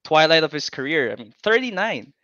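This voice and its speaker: A man with a slightly raised, smooth and resonant voice talks boxing casually, pausing and restarting often. His audio is dry and dull, with a lo-fi video-call sound. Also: fairly high pitch, no room sound. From Philippines. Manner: relaxed, halting, lots of fillers and restarts. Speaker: guest boxing commentator. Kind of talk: casual chat.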